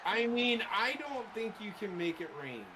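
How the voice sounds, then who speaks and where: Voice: mid-range voice, very animated, normal speed, a loud crowd, low-quality recording. A co-host chatting casually over a gameplay stream, teasing and swearing. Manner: teasing, swears, laughs often.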